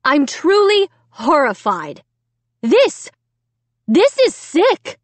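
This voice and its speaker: A woman's voice: high-pitched, huge pitch swings, very slow, no echo, voice pushed up, exaggerated voice. A woman voicing an angry mother who speaks through clenched teeth. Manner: stern, tight-lipped.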